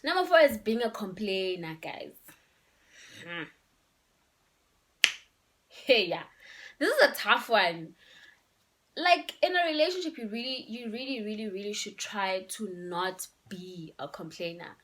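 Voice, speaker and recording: A woman's voice: medium pitch, animated, measured pace, pauses often, fairly bright tone. A young woman, giving relationship advice in a casual, emphatic vlog and slipping in local words. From Eswatini. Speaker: vlogger.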